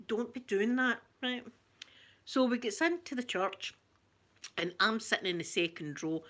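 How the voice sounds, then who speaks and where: A Scottish woman hosting her channel, telling a story in an animated, chatty way that keeps breaking into laughter. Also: mid-range voice. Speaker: ASMR channel host. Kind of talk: casual storytelling.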